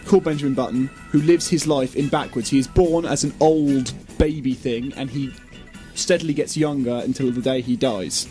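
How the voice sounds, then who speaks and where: A young man giving a comic, exasperated film review that keeps bursting into shouted tirades. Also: mid-range voice, moderate pace, faint music behind.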